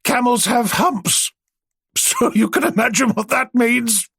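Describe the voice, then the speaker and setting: A man's voice: very high voice, animated, slow, vocal fry, pushed and bright, breathy edge, dry recording, studio quality, voice pushed up, exaggerated voice. A man doing a giggly, teasing older man. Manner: spluttering with barely held laughter.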